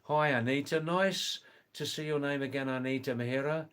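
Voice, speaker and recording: Indoors during a power cut, a man hosts a casual livestream, chatting with viewers, reading comments, greeting people by name and often laughing. His medium-pitched voice is clean, a bit bright, and fairly even in intonation at normal speed.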